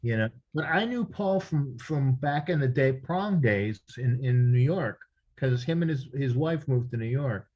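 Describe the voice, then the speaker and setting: A male drummer tells road stories in a relaxed interview. He circles back on himself with restarts and fillers as he talks, in a voice of average pitch. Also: a little slow, husky, highs cut off. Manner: rambling anecdotes with many restarts and fillers. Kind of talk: casual storytelling interview.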